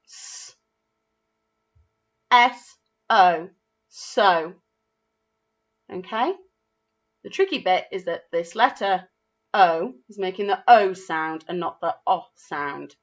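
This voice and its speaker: A woman with an English accent teaching a phonics lesson to young children, spelling words out slowly and praising their efforts. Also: fairly low pitch, animated, dull audio. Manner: slow, clearly spelled-out words with encouraging praise. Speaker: primary school teacher.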